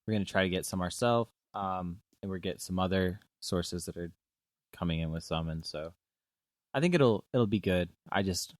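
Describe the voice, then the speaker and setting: A man's voice: low-pitched, moderate pace, no echo. A man co-hosting a podcast from a small studio, chatting casually and rambling, restarting his sentences. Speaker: podcast host. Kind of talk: casual chat.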